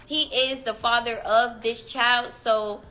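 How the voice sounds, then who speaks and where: A woman voicing a male police officer who talks in a flat, matter-of-fact way on the phone. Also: a little high, slow, poor audio. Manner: matter-of-fact, hedging with ums.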